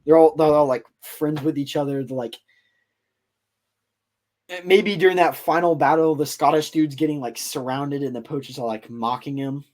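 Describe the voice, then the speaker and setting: A man's voice: a little high, normal speed, a little mellow. A man hosting a podcast, casually telling a story in a loose, rambling way full of fillers. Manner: rambling, filler-heavy retelling. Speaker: podcast host.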